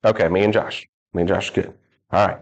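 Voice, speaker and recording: A man's voice: low-pitched, steady tone, brisk, vocal fry, dull audio. A man preaching a casual sermon in a church, telling stories with jokes and acting out the people in them. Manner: joking, storytelling, acts out quoted people. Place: church hall.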